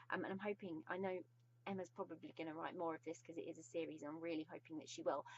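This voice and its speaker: A woman with a British accent giving a casual video book review, gushing and effusive, with frequent pauses. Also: mid-range voice, muffled recording.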